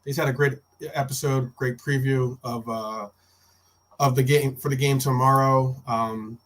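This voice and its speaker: A man chiming in quietly as a co-host in a casual live-stream chat, speaking softly. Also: medium pitch, fairly even intonation, a little slow. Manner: soft, quieter backing remarks.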